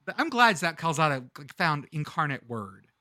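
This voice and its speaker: Homme animé à la voix claire et haute. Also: male voice, fairly high pitch, moderate pace, no room sound, clean studio sound. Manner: animated, swearing, searching for names mid-sentence. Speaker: podcast co-host. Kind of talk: casual chat.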